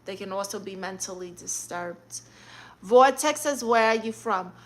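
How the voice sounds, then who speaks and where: Bright-voiced Brooklyn woman, sassy. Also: mid-range voice, unhurried. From Brooklyn, New York. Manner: sassy, blunt comebacks. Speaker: live streamer. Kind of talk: casual live-stream chat reading comments.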